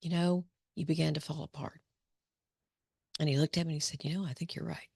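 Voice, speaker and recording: Casting: middle-aged woman psychologist, low gravelly voice, chatty storyteller. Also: fairly even intonation, fairly quick, a little mellow, no room sound, studio quality. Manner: conversational, storytelling with restarts. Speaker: psychologist leading a discussion. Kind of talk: informal talk to students.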